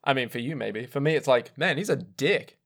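A man's voice: mid-range voice, expressive, brisk, a bit bright. A young man co-hosting a casual podcast chat, swearing freely and firing off wisecracks. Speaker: podcast co-host. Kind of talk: casual chat recapping an anime.

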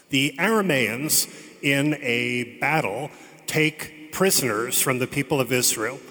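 A man delivers a sermon in a crisp, bright voice, telling a scripture story casually and slipping in jokes. His words ring out with a long echo through a large church. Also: medium pitch. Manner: conversational storytelling with joking asides. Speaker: preacher. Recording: long reverb of a large hall.

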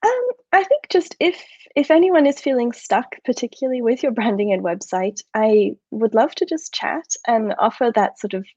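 A woman's voice: a little high, expressive, normal speed, few pauses, mellow, husky, dry recording. A woman web designer speaking as a podcast guest, earnest and encouraging in casual chat. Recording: dry, dull lo-fi sound.

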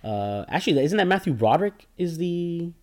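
A man's voice: a little high, very animated, moderate pace, over a noisy crowd. A man co-hosting a casual movie chat, rambling and joking, often repeating himself mid-sentence.

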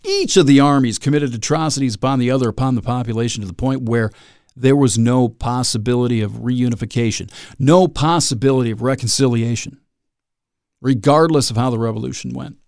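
Man, podcast host, rambling monologue, self-mocking, gravelly. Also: mid-range voice, fairly quick, a little mellow, no echo, studio quality.

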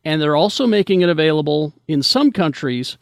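A man's voice: on the high side, expressive, fairly quick, creaky, clean tone, dry recording, clean studio sound. An American man hosting a casual podcast chat, rambling and restarting his sentences often. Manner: rambling, hesitant with many restarts. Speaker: podcast host.

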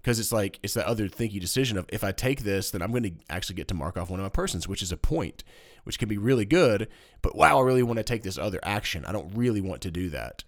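A man's voice: on the low side, fast talker. A man co-hosting a casual board game podcast, joking and explaining rules at length. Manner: animated, jokey, rambling explanations. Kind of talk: casual chat. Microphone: studio microphone.

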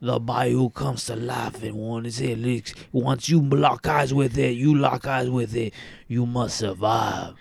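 A man putting on a gravelly Cajun bayou man. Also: mid-range voice, steady tone, unhurried, no room sound. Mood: spooky warning. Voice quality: gravelly, strained from the throat. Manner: ominous, theatrical warnings.

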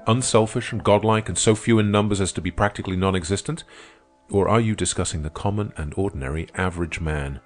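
A man reading aloud, voicing a confident male debater who speaks gravely and matter-of-factly in an audiobook. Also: deep voice, fast, faint music behind, natural voice. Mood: assured. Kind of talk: audiobook character voice.

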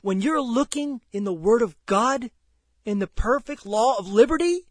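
A man preaching a sermon, impassioned and emphatic, swinging between loud declarations and hushed near-whispers. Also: extremely high pitch, lively intonation, normal speed, no echo.

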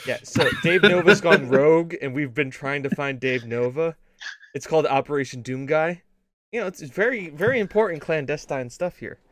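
A man's voice: a little high, moderate pace, no room sound. Man, gaming show co-host, rambling casual chat, dry close sound. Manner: rambling, restarts, deadpan mock-spy bits.

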